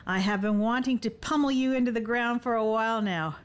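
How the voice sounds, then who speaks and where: A woman's voice: a little high, fairly quick, clear, resonant tone, voice pushed up, lightly acted. A woman narrator voicing a fierce, teasing young warrior woman who speaks in a bold, old-fashioned way in an audiobook. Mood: determined. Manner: archaic, bold and playful. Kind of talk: audiobook dialogue.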